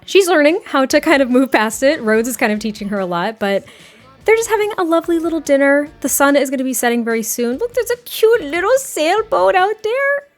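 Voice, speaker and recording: Chatty young woman with a high voice. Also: animated, fast talker, soft background music. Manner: chatty, giggly, rambling. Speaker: gameplay creator. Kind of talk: narrating a life-sim story.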